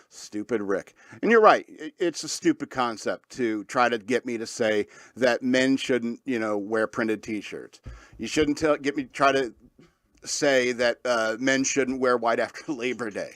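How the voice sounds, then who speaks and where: A man's voice: medium pitch, measured pace, a bit bright, no room sound, studio quality. A man hosting a talk radio show, rambling in a casual monologue with lots of fillers and frequent laughs.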